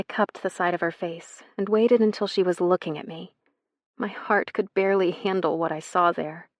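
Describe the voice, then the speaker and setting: A woman reading a first-person romance novel in a soft, intimate way, as scripted narration. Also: lowish voice, steady tone, normal speed, no room sound. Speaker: audiobook narrator.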